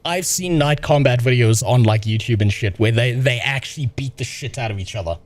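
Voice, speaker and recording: A man's voice: medium pitch, fairly quick. A man in his thirties with a South African accent, telling an exasperated, profane story to his stream chat. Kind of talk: casual ranting to stream chat.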